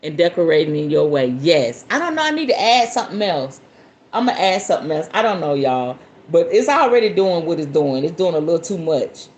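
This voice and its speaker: A woman's voice: sits low, a little hiss or hum. A woman hosting a spiritual podcast who chats casually with her listeners, laughs often and reads aloud from a book. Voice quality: expressive, laughs often, talks straight to viewers.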